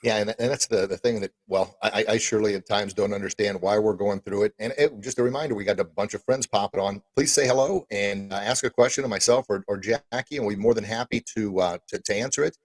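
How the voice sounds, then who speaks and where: A man hosting a podcast interview, energetic and encouraging, often repeating words as he goes. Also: fairly low pitch, fast, hardly any pauses, no room sound. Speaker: podcast host.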